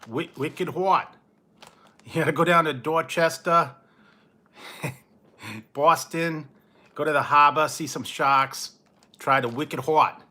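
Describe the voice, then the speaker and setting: A man voicing a brash, joking Boston man who hypes up spicy chips in loud, drawn-out catchphrases. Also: mid-range voice, monotone, slight background noise. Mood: joking, boisterous.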